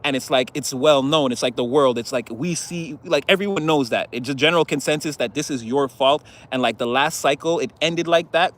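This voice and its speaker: A man's voice: mid-range voice, fairly quick, hardly any pauses, fairly bright tone. A man giving a casual tarot reading in a chatty, rambling way, laughing often. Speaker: tarot reader.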